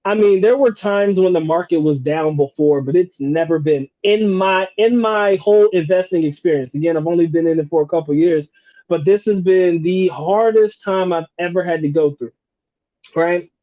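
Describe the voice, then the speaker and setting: A man's voice: high-pitched, moderate pace, no echo, dull audio. Profane, slangy man chatting on a live stream. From North Carolina, USA. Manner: profane, slangy and candid, laughs often. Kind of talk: casual livestream chat.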